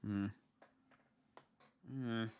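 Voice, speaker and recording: A man's voice: fairly low pitch, fairly even intonation, drawn-out words, a little mellow, clean tone. A man chatting casually to viewers on a livestream as he paints miniatures, rambling and joking in asides.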